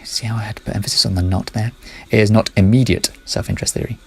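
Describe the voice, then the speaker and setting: Low gravelly man rambling through his thoughts. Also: fairly even intonation, quick pace. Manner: rambling, self-correcting, muttering asides. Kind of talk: casual spoken monologue.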